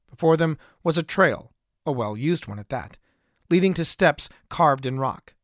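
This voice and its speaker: A man narrating his own adventure story in an even, measured way, recorded close to a studio mic. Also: fairly high pitch, no echo. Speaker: author and narrator. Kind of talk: scripted audiobook narration.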